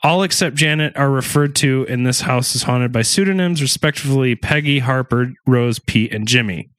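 A man's voice: medium pitch, normal speed, fairly bright tone, no echo. A man casually retelling a haunting story on a podcast, cursing often, joking in asides and stumbling over words. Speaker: podcast host.

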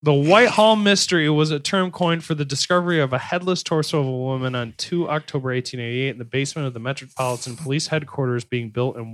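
Crude joking man hosting a podcast. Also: medium pitch. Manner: reads case notes, then riffs with crude jokes. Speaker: podcast host. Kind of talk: casual true-crime podcast chat.

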